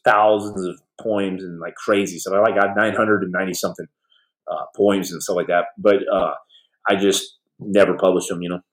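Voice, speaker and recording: A man in his forties hosting a podcast livestream, telling stories in a rambling, jokey way and answering chat questions. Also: fairly low pitch. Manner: rambling, jokey, swings between loud bursts and soft mumbles. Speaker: podcast host. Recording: echoey room.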